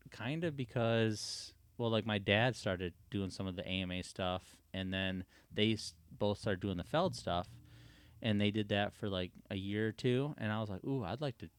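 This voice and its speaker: A young man who works as a motocross race official chats as a podcast guest, his voice fairly low and clean at a moderate pace in a dry recording. In this casual storytelling conversation he is animated, acting out the voices of the people in his stories.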